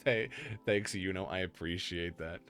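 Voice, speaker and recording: A man hosting a casual stream chat, excitable and rambling, quick to laugh. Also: sits low. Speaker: streamer host.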